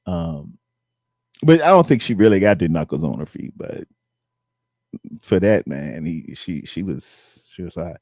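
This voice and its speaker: A man's voice: low voice, expressive, unhurried, long pauses, darkish tone, dry recording. A middle-aged man, hosting a casual live stream and rambling as he chats with his viewers. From Virginia.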